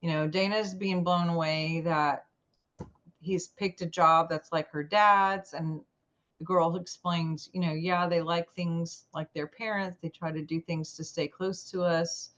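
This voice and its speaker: A woman tells a personal story as an interview guest, acting out quoted lines with lively jumps in her voice. Her voice sits a little low. The recording is dull and lo-fi. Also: a little slow. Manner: animated, acts out quoted dialogue.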